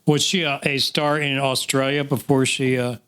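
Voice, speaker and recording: A man's voice: mid-range voice, little pitch movement, normal speed, fairly bright tone, smooth. A man in his sixties co-hosting a podcast, joking and teasing in casual chat. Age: 60s. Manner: jokey, teasing. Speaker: podcast co-host.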